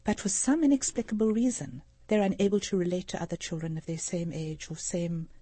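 A woman's voice: lowish voice, steady tone, fairly quick, mellow, slightly rough, no echo. A middle-aged woman from Africa, a social worker explaining earnestly as a radio interview guest. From South Africa. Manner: earnest, explanatory, gives anecdotes.

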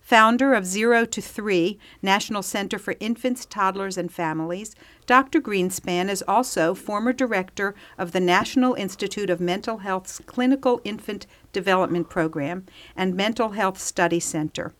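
A woman's voice: mid-range voice, no echo. A woman co-host reading out formal guest introductions with a polite, welcoming manner. Her voice is dry and close.

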